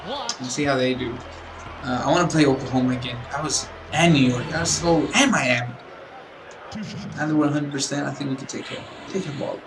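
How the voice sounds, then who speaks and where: A man's voice: mid-range voice, a little fast, recorded from a distance, noisy background. A man giving casual let's-play commentary as a gaming YouTuber, rambling, apologetic and tired. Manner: rambling, chatty, apologetic, chuckles to himself. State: tired, yawning. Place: room at home with a window open.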